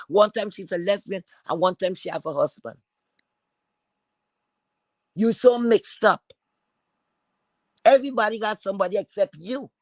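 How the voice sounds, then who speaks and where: Man, high voice, confrontational streamer rant, repetitive insults, dry sound. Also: no echo, rough recording. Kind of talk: heated profane rant.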